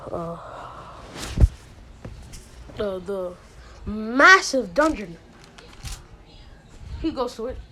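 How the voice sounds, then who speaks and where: A woman's voice: a little high, a little hiss or hum, low-quality recording. A woman casually retelling a made-up fantasy story, rambling with many fillers, restarts and asides.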